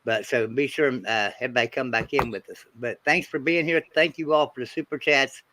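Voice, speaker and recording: A man's voice: mid-range voice, brisk, sharp tone, a little hiss or hum. A man hosting a livestream, thanking viewers and guests in a friendly way. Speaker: livestream host. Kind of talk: host sign-off and thanks.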